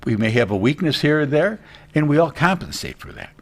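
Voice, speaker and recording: A man's voice: a little high, wildly swooping pitch, fairly quick, creaky. A middle-aged man, a realtor guest, talking earnestly in a casual TV interview, rambling with many restarts.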